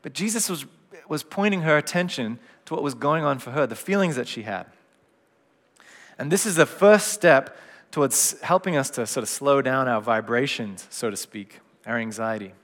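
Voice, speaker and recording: A middle-aged man preaching a gentle, reflective sermon in a conversational way. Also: mid-range voice, expressive, normal speed. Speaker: pastor. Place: church hall. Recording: long hall reverb.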